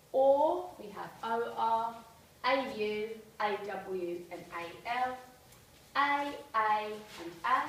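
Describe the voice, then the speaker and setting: A woman, a primary teacher explaining phonics to parents, clearly spelling out letters. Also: mid-range voice, a little hiss or hum. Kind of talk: presentation to parents. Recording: echoey room from far off.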